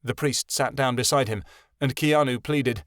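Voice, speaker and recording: A man narrating a fantasy audiobook in an even storytelling manner. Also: mid-range voice, normal speed, dry recording, clean studio sound.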